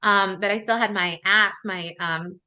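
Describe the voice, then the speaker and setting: A woman's voice: medium pitch, measured pace. A woman podcast host, telling a personal story in casual chat, with lots of fillers and laughter. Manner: chatty, animated, many "like" fillers and laughs.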